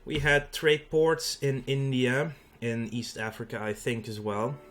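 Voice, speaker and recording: A man's voice: mid-range voice, fairly even intonation, unhurried, a bit bright, soft background music. A Dutch man with a Dutch accent hosting a let's play, explaining the game in a casual way with frequent fillers. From Netherlands. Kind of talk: gameplay commentary.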